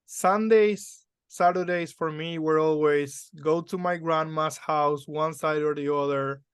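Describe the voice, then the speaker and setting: A man hosting a relaxed interview, talking conversationally and checking in with tag questions. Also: on the high side, a little slow, clean tone, no echo, clean studio sound. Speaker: podcast host. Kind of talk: casual interview.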